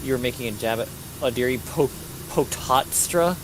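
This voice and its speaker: A man's voice: medium pitch, expressive, brisk. A young man guesting on a game stream, joking and teasing his co-host in casual chat. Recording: noisy hissing mic.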